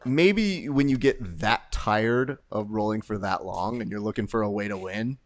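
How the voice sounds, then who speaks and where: A man co-hosting a podcast, chatting and joking while commenting on a grappling event. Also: on the low side. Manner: joking, animated, quick asides. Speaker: podcast co-host. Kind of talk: casual live commentary chat.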